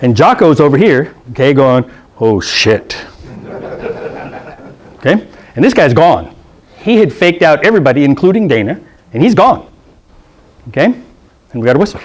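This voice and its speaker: A man's voice: a little high, big pitch swings, a little fast, long pauses. A middle-aged man teaching a rules class to football officials, blunt and joking, checking in with "okay?" and acting out the people in his stories. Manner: acts out coaches' lines in funny voices. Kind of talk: classroom rules lecture with anecdotes. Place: meeting room.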